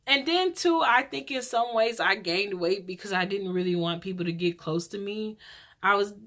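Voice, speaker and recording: A woman in her twenties hosting a casual vlog, chatty and rambling, telling stories in a lively way. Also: medium pitch. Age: 20s. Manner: chatty, rambling, lively storytelling with church talk. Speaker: vlog host.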